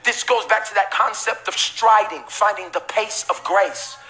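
Pastor guy preaching to his church, bright forceful voice, says no no no a lot, shouts then jokes around. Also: sits high, moderate pace. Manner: emphatic preaching with repetition and bursts of shouting; casual, joking asides to the congregation. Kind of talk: sermon. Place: church sanctuary before a live congregation.

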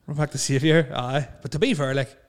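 A man's voice: a little high, steady tone, fairly quick. A man with a Northern Irish accent co-hosting a podcast, chatting casually, laughing a lot and swearing freely. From Northern Ireland. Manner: laughs often, swears freely, lots of fillers. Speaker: podcast co-host.

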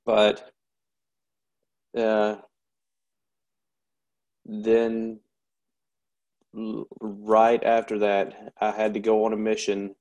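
This man, who served in the military, gives a candid but halting interview about a painful experience, full of pauses and fresh starts. His pitch is fairly low, his delivery monotone and a little mellow.

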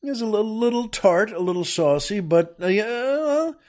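A man's voice: high voice, lively intonation, normal speed, a little mellow, pitched above the performer's own voice. A man voicing a good-natured young woman in a told joke, speaking hesitantly. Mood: amused. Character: mild-mannered young woman buying a parrot.

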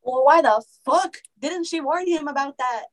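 A young woman co-hosting a podcast, reading stories aloud and reacting with gasps and loud, profane commentary. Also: high-pitched, normal speed, over a noisy crowd. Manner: animated, gasps and reacts loudly, swears casually. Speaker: podcast co-host.

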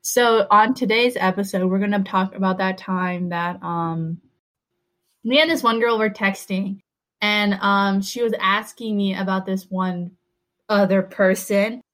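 A woman's voice: mid-range voice, steady tone, unhurried, fairly bright tone. A young woman hosts a casual podcast and tells an embarrassing story in loose, rambling chat. She fills her sentences with "like" and keeps an easygoing, mid-range voice. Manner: rambling, heavy use of "like". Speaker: podcast host.

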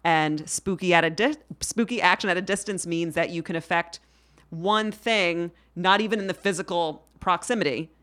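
Woman, podcast guest, low voice, playful, mock-formal at times, casual chat. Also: normal speed, fairly bright tone. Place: podcast studio in Queens.

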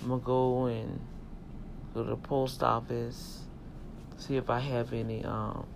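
Man vlogger, gravelly voice, preachy and emphatic, addressing viewers, slight background hiss. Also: mid-range voice, level tone, unhurried. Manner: emphatic, sermon-like exhortation; talks directly to viewers, folksy. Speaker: vlogger and self-publisher. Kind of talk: casual preachy rant to camera.

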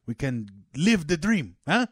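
A man's voice: medium pitch, animated, moderate pace, no room sound, clean studio sound, pitched below the performer's own voice, natural voice. A man putting on the voice of a proud immigrant father who speaks in grand, formal phrases and keeps asking "huh?". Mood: boastful. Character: boastful immigrant father, middle-aged man.

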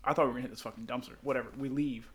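A man's voice: mid-range voice, fairly even intonation, very fast. A young man telling rambling, profane stories to friends in a casual chat, laughing at his own jokes.

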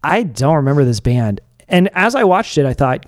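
A man with a fairly high, bouncing voice chats playfully with his co-host. He laughs easily and keeps the talk light as he counts down the list. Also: normal speed, hardly any pauses. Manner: playful, animated, laughs often. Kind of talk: casual chat ranking music videos.

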